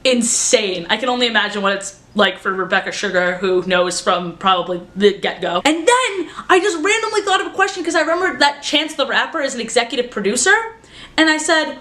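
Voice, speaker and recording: A young woman vlogger chatting casually and excitedly, with lots of "like" as she recounts her day. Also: on the high side, fairly quick, hardly any pauses. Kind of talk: casual vlog recap. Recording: roomy echo.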